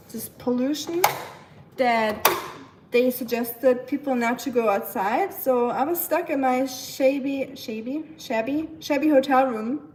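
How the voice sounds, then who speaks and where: A woman from Germany with a German accent, casually chatting on a livestream and answering her viewers' comments, with frequent pauses. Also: fairly high pitch, a little mellow, slight background noise, rough recording. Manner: chatty and rambling, with frequent "um" pauses and light laughs; switches between English and German. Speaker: livestream host.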